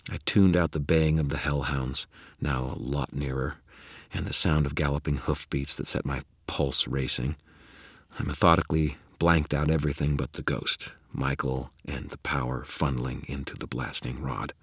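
A man narrating a first-person fantasy audiobook in a measured, dramatic way. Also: rumbling low, fairly even intonation, slightly rough, no echo, studio quality.

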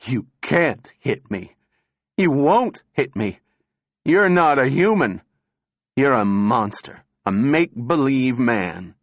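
A man voicing a frantic thin male heckler who shouts taunts in a cracked voice. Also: lively intonation, takes it slowly, no echo, clean studio sound. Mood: wild taunting. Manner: shrill, taunting, wild.

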